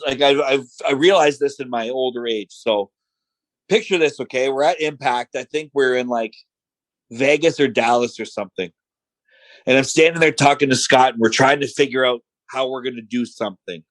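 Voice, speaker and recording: Male podcast guest, lively raconteur, middle-pitched, dry recording. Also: moderate pace, no echo, poor audio. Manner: animated, acts out quotes. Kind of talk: casual storytelling.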